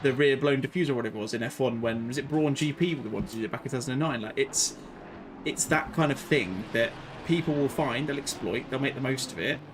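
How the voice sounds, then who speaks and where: This race commentator is a chatty, rambling man covering a live sim racing stream in a mid-pitched, easygoing voice. He talks fast, laughs easily and drifts into side stories, with steady game noise behind him.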